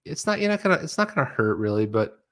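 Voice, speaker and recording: A man co-hosting a live crypto chat in a loose, joking way. He sits mid-range in pitch and now and then slips into a silly old gangster-movie voice. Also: very animated, quick pace, fairly bright tone. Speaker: co-host. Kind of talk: casual chat.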